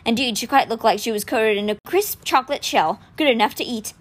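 A woman reading a novel aloud for a podcast, telling the story in an expressive way. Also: on the high side, a little fast. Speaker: audiobook reader.

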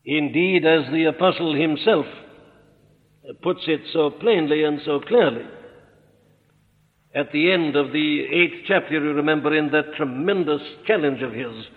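A man preaching an expository sermon, earnest and emphatic, slowing down to stress his points. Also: on the high side. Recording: echoey hall on a tinny narrow-band recording.

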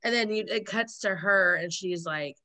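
A woman co-hosting a casual chat about a sitcom episode, relaxed and laughing often. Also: fairly low pitch, normal speed. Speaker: podcast co-host.

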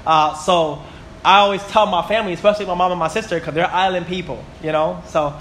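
A man's voice: high-pitched, fairly even intonation, quick pace, a bit bright, a little hiss or hum. A man in his twenties teaching a Bible class, chatty and full of stories, often asking "right?" and "you know?". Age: 20s.

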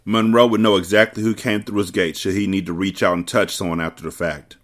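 A man with a fairly low voice reads a gritty novel aloud for his podcast. He steps out of the book now and then to react with loud, profane asides. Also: steady tone, brisk. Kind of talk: novel reading with casual commentary.

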